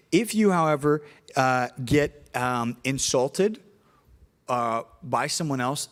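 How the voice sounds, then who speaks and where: A young man, preaching to middle schoolers in an animated storytelling way. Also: medium pitch. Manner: animated storytelling, acts out voices in anecdotes. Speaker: youth pastor.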